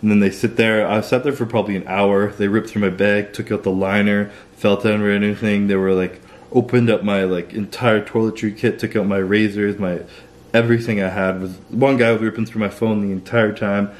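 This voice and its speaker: A man's voice: lowish voice, fairly even intonation, fairly quick. A young man from Canada, telling a personal story to camera in a loose, profane way full of "like". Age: young adult. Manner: loose and profane, heavy use of "like". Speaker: vlogger. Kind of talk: casual storytelling.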